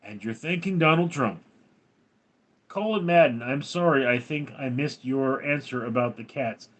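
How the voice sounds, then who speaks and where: An older man hosting a livestream, reading viewer comments aloud in a dry, deadpan way. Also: mid-range voice, unhurried. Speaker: livestream host reading chat. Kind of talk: casual livestream chat.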